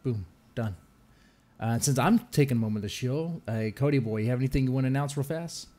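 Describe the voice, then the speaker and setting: A man's voice: mid-range voice, mellow. Jokey male podcast host. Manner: loose, jokey, laughs often, quick asides. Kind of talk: casual podcast chat.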